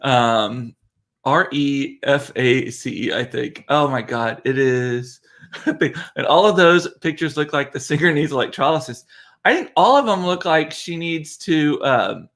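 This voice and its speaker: A man's voice: mid-range voice, animated, a little slow, fairly bright tone. A man hosting a casual livestream from his home computer, chatty and laughing at himself. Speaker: livestream host, father. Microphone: computer mic.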